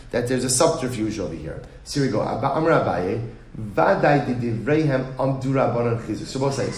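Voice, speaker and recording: Man, Talmud teacher, medium pitch, animated, self-questioning, echoey room. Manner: animated, asks and answers his own questions. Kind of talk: Talmud class lecture.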